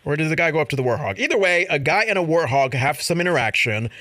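A man hosting a casual chat show about viral videos, animated and laughing as he acts out quotes. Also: on the high side, quick pace, dry recording. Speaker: show host.

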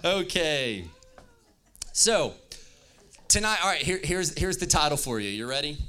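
A man's voice: on the high side, very animated, unhurried, sharp tone. A man preaching as pastor, reading scripture aloud and joking playfully with his audience. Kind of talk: lively youth-service sermon with scripture reading.

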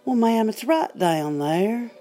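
Woman putting on a high drawling southern gentleman. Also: lively intonation, slow. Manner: drawling, patient, repeating himself. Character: polite, unhelpful southern gentleman.

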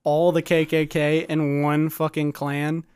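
A woman's voice: low-pitched, level tone, measured pace, a little mellow, clean tone, no echo, clean studio sound. A woman co-hosting a podcast, chatting casually with crude jokes and frequent laughter. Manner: crude, joking, laughs a lot. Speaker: podcast co-host. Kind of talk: casual chat.

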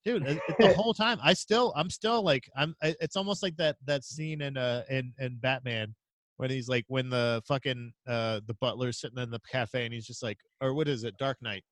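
Man, podcast co-host, rambling, swears a lot, mid pitch, dry close sound. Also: normal speed, dry recording. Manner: rambling, profane, animated storytelling. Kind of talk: casual chat.

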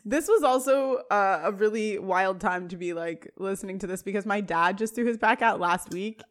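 A woman's voice: medium pitch, moderate pace. A woman co-hosting a podcast, casually retelling TV scenes and quoting the characters' lines, often laughing. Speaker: podcast co-host. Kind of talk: casual recap chat.

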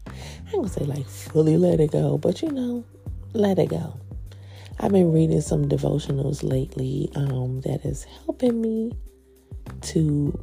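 Nasal, gravelly low-voiced woman podcaster. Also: dark tone. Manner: laid-back, chatty, laughs often. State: stuffy, nasal with phlegm. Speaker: podcast host. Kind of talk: casual chat.

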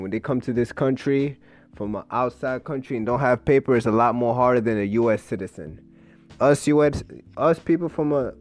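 A man's voice: mid-range voice, darkish tone. A man hosting his first solo podcast, talking loosely in a rambling street style full of fillers, recorded on a phone app. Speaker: podcast host. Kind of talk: casual solo podcast monologue. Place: New York City.

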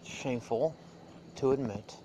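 A man's voice: medium pitch, a little slow, dark tone, slight background noise. An American man hosting a casual solo podcast, rambling and digressive with frequent fillers. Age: adult. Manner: rambling, digressive, with many "uh"s and restarts. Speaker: podcast host.

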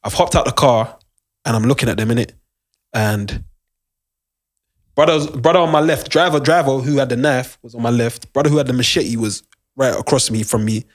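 A man's voice: mid-range voice, moderate pace. A young man, animatedly telling a long story in casual chat and using lots of slang. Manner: animated, repeats "do you understand", London slang.

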